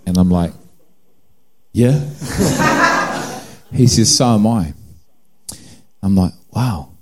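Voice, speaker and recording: A man's voice: fairly low pitch, slow, background noise. A middle-aged man with a New Zealand accent giving a personal testimony sermon, telling a story with acted-out dialogue and self-mocking humor. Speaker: preacher.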